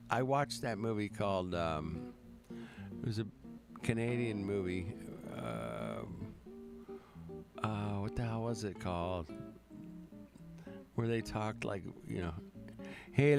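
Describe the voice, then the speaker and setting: A man's voice: low-pitched, creaky. A man hosting a casual livestream, reading out viewer comments in a laid-back drawl, with frequent swearing and lots of "man" and "bro". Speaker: livestream host. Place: at home, in California. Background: guitar music.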